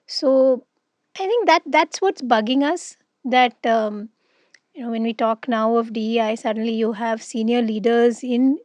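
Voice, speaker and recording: A woman's voice: fairly high pitch, measured pace, a little mellow, dry recording. A woman co-hosting a casual career podcast, reflective and often checking in with "right?". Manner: reflective, frequent "right?" tags. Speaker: podcast co-host. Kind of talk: casual conversation.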